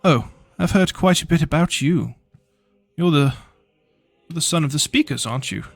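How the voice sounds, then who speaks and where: A man playing a polite gentleman in a suit. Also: a little high, lively intonation, normal speed, gravelly, no echo, soft background music, pitched above the performer's own voice. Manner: polite, welcoming.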